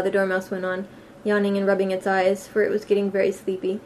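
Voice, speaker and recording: Lady reading a storybook aloud, steady and plain, mid pitch, faint hiss behind. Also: quick pace, few pauses. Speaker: audiobook reader. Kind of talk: storybook narration.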